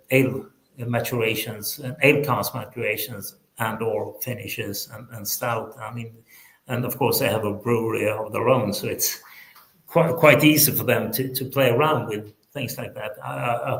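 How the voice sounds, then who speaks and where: A man's voice: medium pitch, fairly even intonation, moderate pace, gravelly, a bit bright. Hesitant man with a background, echoey. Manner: hesitant, repeats words, enthusiastic. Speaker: whisky book author, guest. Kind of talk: casual online chat.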